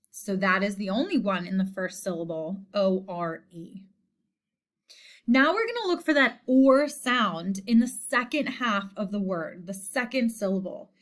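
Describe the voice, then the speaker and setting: A woman teacher giving a spelling lesson, speaking slowly and deliberately and repeating each word. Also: mid-range voice, expressive. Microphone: screen recording voice-over.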